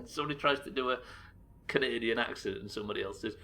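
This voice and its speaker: A man with a Welsh accent commentating his live gameplay, chatting with viewers, animated and swearing casually. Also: mid-range voice, fairly quick, pauses often, slight background noise. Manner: animated, swears casually, reacts loudly to the game. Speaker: streamer.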